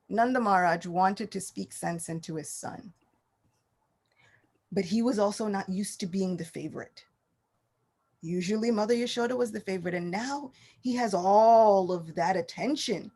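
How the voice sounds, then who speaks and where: A woman giving a scripture class, telling the story in a lively, animated way. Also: medium pitch.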